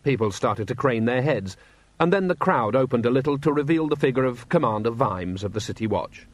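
A man reading a story aloud in a wry, steady narrating voice, acting out the characters. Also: medium pitch, fairly quick, dry recording. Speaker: audiobook narrator. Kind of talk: scripted narration.

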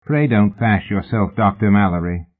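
A man's voice: fairly low pitch, animated, normal speed. A man voicing a cheerful, folksy working-class bill-sticker boss. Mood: easygoing. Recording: tinny phone-like audio.

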